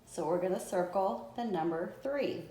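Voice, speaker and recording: A woman's voice: lowish voice, animated, normal speed, dark tone. A woman teacher giving a lesson to young children, patiently sounding out words and clapping syllables. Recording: echoey room with faint noise.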